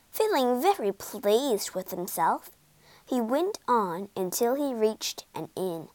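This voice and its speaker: A woman reading a children's story aloud in an expressive, storybook narration. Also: on the high side, no echo. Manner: slow, lively expressive reading.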